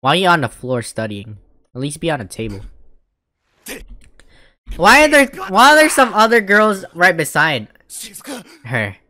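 A woman giving loud, profane, mocking commentary while reacting to a video, often laughing. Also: low-pitched, huge pitch swings, moderate pace, long pauses, dry recording, clean studio sound.

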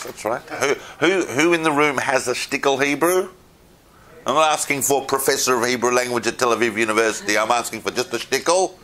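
A man's voice: medium pitch, a little hiss or hum. A man giving an informal lecture to a class, asking questions of the room and answering them himself. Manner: animated, asks the room questions.

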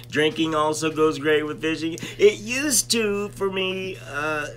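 A man's voice: high-pitched, slight background noise. A man hosting a casual live stream, telling rambling stories full of "you know" and breaking off to greet viewers by name. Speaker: stream host reviewing cannabis.

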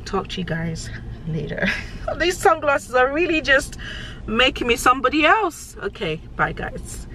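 A woman's voice: high voice, big pitch swings, a little slow, sharp tone, a little hiss or hum, low-quality recording. A young woman vlogging casually to her own camera, rambling and chatty and often laughing. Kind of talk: casual vlog chat to camera.

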